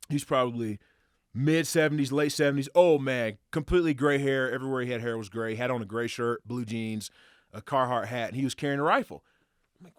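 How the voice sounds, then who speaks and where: A man as a podcast guest, telling a hunting story in casual, animated and profane style, acting out quotes. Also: medium pitch, no room sound, studio quality. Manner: animated, profane, excitable retelling with acted quotes.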